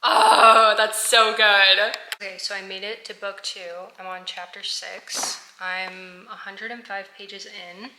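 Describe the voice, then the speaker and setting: A woman's voice: mid-range voice, little pitch movement, a little slow, few pauses, sharp tone, echoey room, slight background noise, low-quality recording. A woman chatting casually in a reading vlog, gushing about a book she is reading and filling her talk with likes and ums. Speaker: book vlogger. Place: apartment at home.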